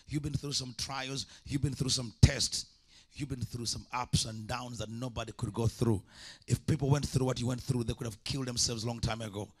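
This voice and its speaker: A man's voice: medium pitch, a bit bright, husky. A man preaching a sermon as an evangelist, impassioned, with repeated call-and-response lines.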